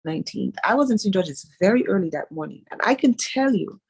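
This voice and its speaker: A woman's voice: medium pitch, lively intonation, fairly quick, breathy edge. Conversational woman host. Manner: conversational, engaged. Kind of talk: casual radio interview.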